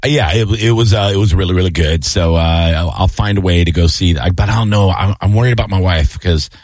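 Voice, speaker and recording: A middle-aged man hosting a radio show in casual banter, animated, jokey and swearing freely. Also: deep voice, quick pace, dry recording, studio quality.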